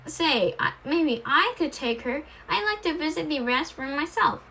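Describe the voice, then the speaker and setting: A woman's voice: sits high, lively intonation, moderate pace, bright, forceful tone, slight background noise, voice pushed up, exaggerated voice. A woman voicing an obliging, white-haired elderly lady.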